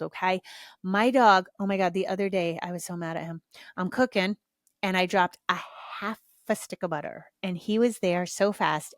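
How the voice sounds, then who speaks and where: A woman's voice: on the low side, dry recording, clean studio sound. Blunt, swearing woman podcast host. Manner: blunt, frank, swears freely. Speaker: podcast host, parenting coach. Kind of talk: casual chat, candid advice.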